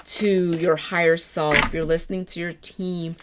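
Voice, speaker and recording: Low-voiced, slightly hoarse tarot reader woman. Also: fairly even intonation, unhurried, heavy background noise. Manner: gentle and encouraging. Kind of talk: tarot reading.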